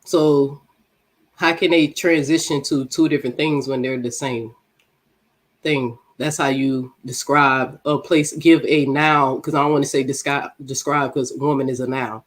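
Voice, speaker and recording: A woman's voice: a bass voice, fairly even intonation, unhurried. A woman with a cold and a speech impediment, blunt and insistent in an online panel debate over a call mic. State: congested from a cold. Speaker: debate guest.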